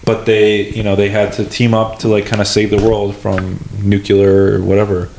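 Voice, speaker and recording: A young man chats loosely on a comedy podcast, slightly low in pitch, with hesitant, filler-heavy rambling. His voice rings in an echoey room over a faint hiss. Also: completely flat delivery, moderate pace. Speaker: podcast co-host. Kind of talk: casual comedy podcast chat.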